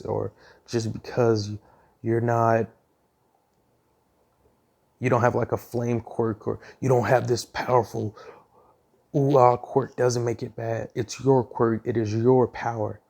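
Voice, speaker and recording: An earnest mother reassures her son in a rambling pep talk, quoted by a man in his own gravelly voice. The tone is mellow and low, with loose restarts. It stays plainly conversational. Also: little pitch movement, measured pace. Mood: encouraging. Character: encouraging mother of a teenage boy.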